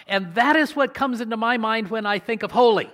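A man preaching a sermon in a conversational way, asking his congregation questions and slowing down to stress key words. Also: extremely high pitch, fairly bright tone. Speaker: pastor.

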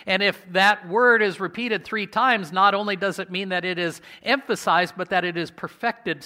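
A man preaching a sermon in a conversational way, asking his congregation questions and slowing down to stress key words. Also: high-pitched, pushed and bright. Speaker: pastor.

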